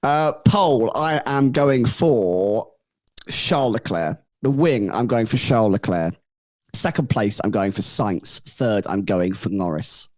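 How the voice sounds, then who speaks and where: Male co-host, animated voice that moves a lot, playful ribbing. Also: fairly low pitch, measured pace, dry recording. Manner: teasing, playful. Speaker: podcast co-host. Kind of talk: casual chat.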